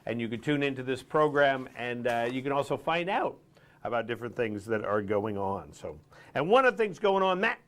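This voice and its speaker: A man's voice: medium pitch, big pitch swings, fairly quick. A middle-aged man from Rhode Island hosting a live morning show, chatting casually and rambling with lots of fillers.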